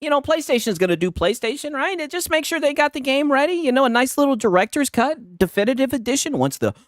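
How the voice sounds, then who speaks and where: A man cohosts a casual gaming podcast, trading jokes and curses and breaking into laughter. His pitch swings widely as he mocks people, and his voice sits dry and close on the mic. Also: very animated, fast talker, no echo. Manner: laughing, profane, mocking asides. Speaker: podcast host.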